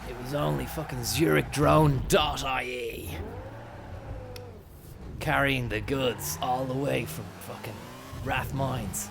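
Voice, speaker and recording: A young Irish man rambling through an absurd, profane comic monologue in a deadpan way. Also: mid-range voice, takes it slowly, vocal fry, pauses often, background noise. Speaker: comic storyteller.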